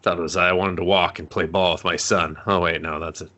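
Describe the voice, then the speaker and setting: A man's voice: low voice, level tone, fairly quick, bright, forceful tone. A man co-hosting a casual movie review podcast, sarcastic and swearing as he mimics the characters. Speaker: podcast co-host.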